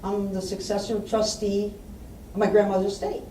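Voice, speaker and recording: This woman's delivery is flat and her tone dark, with a medium pitch and normal speed, as she shares client stories in a public estate-planning talk and acts out what people said. Recorded from a distant mic in a roomy hall, it carries faint ambience and a little hiss or hum.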